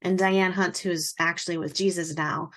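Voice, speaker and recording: A woman in her forties, an author, telling a personal story in a lively way and acting out the dialogue. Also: lowish voice, normal speed. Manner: animated, acts out quoted dialogue.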